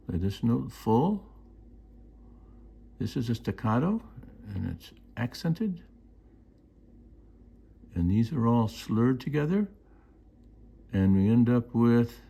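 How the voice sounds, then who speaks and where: A man's voice: mid-range voice, gravelly, warm tone, slightly rough. A man teaching music, explaining markings and singing out rhythms and counts. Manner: sings rhythms and counts beats aloud. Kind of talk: instructional explanation.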